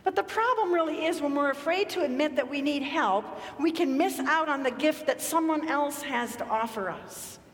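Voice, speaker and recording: High-voiced woman preaching in a hall. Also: moderate pace, few pauses. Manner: storytelling, conversational preaching. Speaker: pastor. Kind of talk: sermon. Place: church sanctuary. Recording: echoey church hall.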